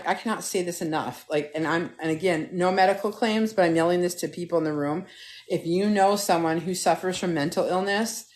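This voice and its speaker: A middle-aged woman hosting a live stream from a phone at home, chatting casually and telling stories with lots of swearing, talking straight to her viewers. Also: fairly low pitch. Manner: animated, profane, talks straight to viewers. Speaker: TikTok live host.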